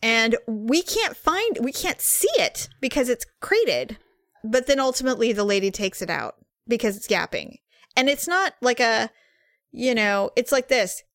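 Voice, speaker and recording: Chatty higher-voiced woman telling a story. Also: unhurried, a little hiss or hum. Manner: chatty, animated storytelling with laughs. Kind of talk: casual storytelling chat.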